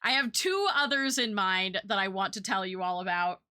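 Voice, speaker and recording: A woman's voice: medium pitch, moderate pace, bright, forceful tone, clean tone, dry recording, clean studio sound. A young woman streamer and artist chatting casually, rambling with lots of fillers and little laughs. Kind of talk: casual chat.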